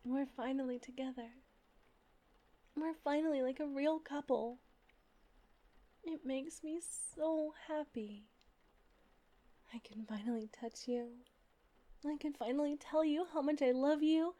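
A young adult woman voicing a loving female plush toy come to life in an intimate audio role-play, breathy and affectionate. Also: high-pitched, unhurried, long pauses. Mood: tender.

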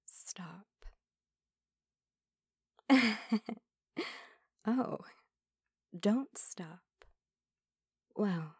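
A woman's voice: medium pitch, mellow, dry recording, clean studio sound. A woman voicing a teasing android in whispered role-play. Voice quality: breathy whisper. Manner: teasing, playful, slow and intimate. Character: flirtatious teasing female android, new to feelings.

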